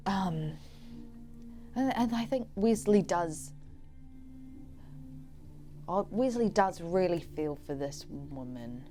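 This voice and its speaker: Woman player, tabletop role-play narration, deep voice, slow and rambling, music behind. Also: animated, dark tone. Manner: rambling, casual, thinking aloud. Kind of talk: narrating her character in a tabletop game. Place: studio.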